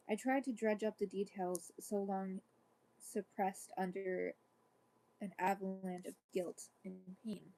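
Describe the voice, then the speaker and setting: Woman storyteller, mellow and relaxed, reading a chapter aloud. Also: mid-range voice, slow pace, creaky, slight background noise, poor audio. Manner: reads evenly, breaks off into casual asides.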